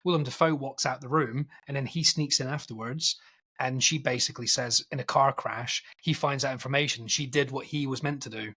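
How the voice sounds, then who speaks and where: A man on a film podcast rambles through a plot recap in casual chat. His voice is husky and slightly breathy, pitched in an ordinary middle range. He slips into quick acted-out quotes as he goes. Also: fairly even intonation, bright, forceful tone. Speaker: podcast co-host.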